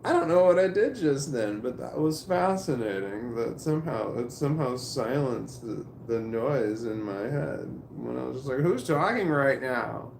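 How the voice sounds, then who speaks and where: A man talking casually to camera in a rambling, halting way, with restarts and swearing. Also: medium pitch, animated, creaky, a little mellow, a little hiss or hum. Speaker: vlogger. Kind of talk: casual spoken monologue to camera. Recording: roomy echo.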